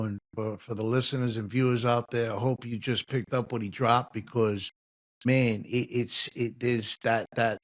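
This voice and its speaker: A man's voice: medium pitch, fairly bright tone. A man hosting a podcast, asking long and earnest questions in a casual style. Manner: earnest, many fillers and restarts. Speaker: podcast host. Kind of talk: casual interview chat.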